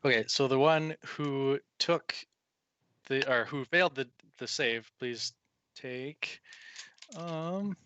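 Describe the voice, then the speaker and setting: A man's voice: medium pitch, takes it slowly, pushed and bright, smooth, highs cut off. A man narrating as the game master of a tabletop game, easygoing and often laughing.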